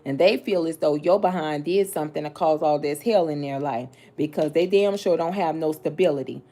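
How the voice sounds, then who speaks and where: A woman's voice: low voice, a little fast, warm tone. Blunt, sassy woman reading tarot. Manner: blunt, sassy, talks straight to the listener with slang and cursing. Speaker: tarot reader.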